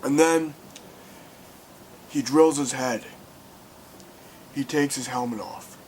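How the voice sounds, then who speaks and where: A young man giving a casual film review, excitable and swearing, acting out scenes loudly. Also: mid-range voice, slow, a little hiss or hum.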